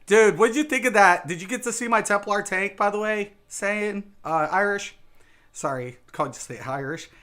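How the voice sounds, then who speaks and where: Rambling, excitable male game streamer. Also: high-pitched, normal speed. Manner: rambling, emphatic, repeats words, says dude a lot. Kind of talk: casual live-stream chat.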